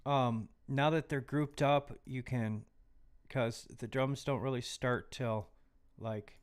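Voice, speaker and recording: A man talks slowly and unhurriedly as he hosts a live mixing tutorial from a home studio. His delivery is casual and chatty, and he keeps slipping into quiet, muttered asides as he works. His voice sits at a middling pitch. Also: steady tone, clear, resonant tone. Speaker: livestream host teaching music mixing.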